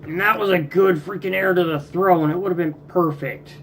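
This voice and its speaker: A man's voice: high-pitched, moderate pace, vocal fry, a bit bright, slight background noise. A man commenting casually on his strategy game, muttering and ranting in frustration at it. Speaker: gameplay video creator.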